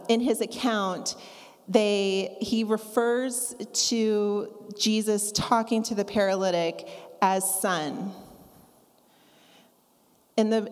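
A woman preaching a sermon, talking conversationally and acting out scripture quotes with lively asides. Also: mid-range voice. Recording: long reverb of a large hall.

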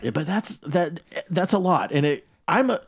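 A man's voice: a little high, expressive, normal speed, vocal fry. Chatty man co-hosting a podcast. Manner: rambling, upbeat, counts things out loud. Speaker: podcast co-host. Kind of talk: casual chat.

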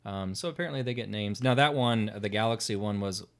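Podcast host, man, low voice, lively storyteller, casual banter. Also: a little fast, smooth. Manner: chatty, animated storyteller with fillers. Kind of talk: casual chat.

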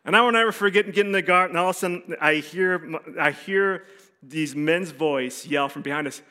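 A man preaching a sermon, telling a personal story with animated voices and quiet, serious stretches. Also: fairly high pitch, brisk. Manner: animated storyteller, acts out voices, drops soft for serious moments. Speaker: pastor.

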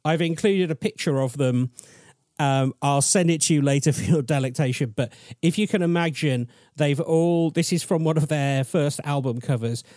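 A man's voice: fairly high pitch, moderate pace, darkish tone, no echo, studio quality. A man co-hosting a podcast, telling a story in a chatty, rambling, self-deprecating way. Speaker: podcast co-host presenting the story. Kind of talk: casual storytelling chat.

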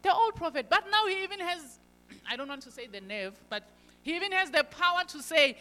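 A woman preaching a sermon, emphatic, moving between loud stressed lines and quiet asides. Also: extremely high pitch, animated, a little fast. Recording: long hall reverb.

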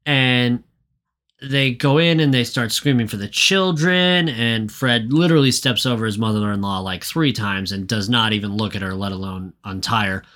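Bright-voiced, swearing male co-host. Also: mid-range voice. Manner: profane, rambling recap with voiced impressions. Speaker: podcast co-host. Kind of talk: casual chat.

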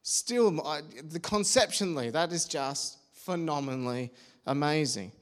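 A man with a slightly high voice preaches a sermon in an earnest, personal way. He keeps it homely, trips into small restarts and asides, then presses his point again. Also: unhurried.

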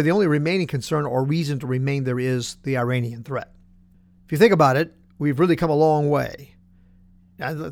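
Talk host, male, slightly raised pitch, folksy and sarcastic, firing off rhetorical questions. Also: gravelly. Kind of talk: political commentary monologue.

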